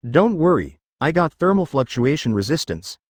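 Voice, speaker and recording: A man's voice: on the high side, sing-song, normal speed, no echo. Naive baby slime girl, cheerful, matter-of-fact, man reading her, dry close sound. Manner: matter-of-fact, innocently blunt. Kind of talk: fan fiction reading.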